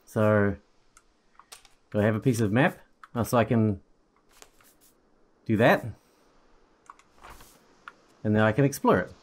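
A man's voice: fairly low pitch, takes it slowly, long pauses. Laid-back male let's play host. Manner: laid-back, chatty, thinking aloud. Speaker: gaming channel host.

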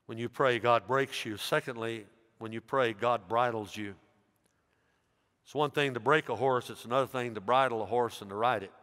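An American pastor in his 60s delivers a sermon at a medium pitch and normal speed. His emphatic preaching drops soft and then rises loud, and the church hall adds a long, echoing reverb.

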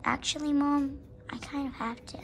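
A woman's voice: high voice, fairly even intonation, normal speed. A woman voicing a timid young male horse in a homemade horse story, talking hesitantly and stammering, with some faint hiss behind her.

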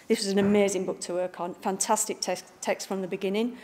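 A woman from the north of England gives an informal lecture in her broad local accent, lively and full of jokes. Her voice sits at an ordinary middle pitch for a woman, and she talks to the room like old friends. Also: fast. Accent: Northern English. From Bradford, northern England. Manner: chatty, bubbly, jokey. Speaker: picture book art director giving a talk. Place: library event room with a live audience.

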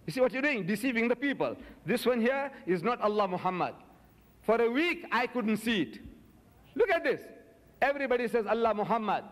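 An older man giving a public religious lecture, forceful and indignant, firing rhetorical questions at his audience. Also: high-pitched. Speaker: Islamic preacher. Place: lecture hall in the USA. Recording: lecture hall with long reverb.

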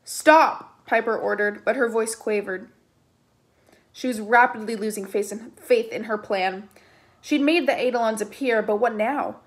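A woman reads a novel aloud in a plain, steady narration, now and then stepping aside to comment casually. Her voice sits slightly higher than most. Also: moderate pace. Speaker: reader.

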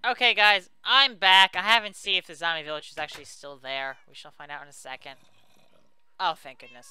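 Bright, crisp-voiced man gaming. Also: high-pitched, fairly even intonation, brisk. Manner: chatty and self-mocking, talks to viewers. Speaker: let's play host. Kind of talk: casual let's play commentary.

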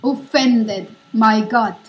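A woman with a high voice delivers a fervent prophetic declaration at an unhurried, deliberate pace. She speaks haltingly and repeats herself, as if she were a divine voice addressing her listeners. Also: slightly rough. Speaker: self-styled prophet.

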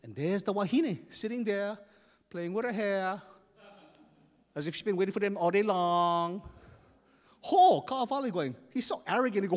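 A man from Hawaii with a Hawaiian Pidgin accent telling a folktale on stage, dramatic and animated, pausing to explain slang. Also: sits high, big-room sound. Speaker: storyteller. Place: festival stage.

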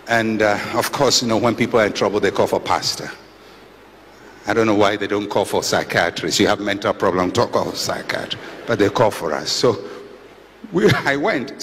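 A middle-aged pastor preaches as if talking with friends, telling stories with dry humor. His pitch swings widely and animatedly. The voice rings with the long reverb of a large hall, over a faint background hiss. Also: a bit bright. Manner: conversational storytelling with dry humor and chuckles. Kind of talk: sermon.

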